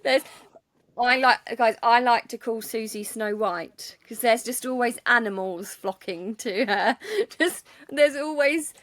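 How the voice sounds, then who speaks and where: A woman's voice: on the high side, a little slow, a bit bright, dry recording. A woman co-hosting a casual podcast, telling stories animatedly and laughing through her words. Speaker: podcast co-host, nail tech. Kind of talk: casual chat.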